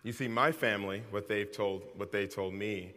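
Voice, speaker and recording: A man's voice: on the low side, steady tone, normal speed, pushed and bright. Man preaching in a reverberant hall. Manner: conversational and self-deprecating, with asides and repeated phrases. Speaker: pastor. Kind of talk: sermon. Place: large hall with an audience.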